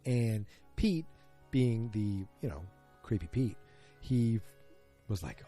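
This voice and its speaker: A man's voice: lowish voice, animated, mellow, faint music behind. A man hosting a solo podcast, recapping a show episode in a rambling casual way with many fillers. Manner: rambling, frequent fillers, quick retelling of scenes. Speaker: podcast host.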